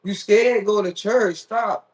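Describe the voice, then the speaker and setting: A man with a high voice who talks in an unhurried, drawn-out way. He hosts a casual live stream and banters playfully with his viewers, teasing them as he reads their comments aloud. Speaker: livestream host.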